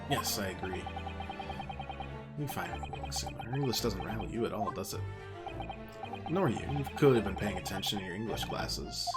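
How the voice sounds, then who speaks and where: A let's play host, a man, reads courtroom game dialogue aloud with a lively, bouncing pitch, tossing in dry sarcastic jokes between lines. He slides into hammy, theatrical put-on voices for the characters while game music plays underneath. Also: normal speed, pauses often. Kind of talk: reading game dialogue aloud with wry commentary.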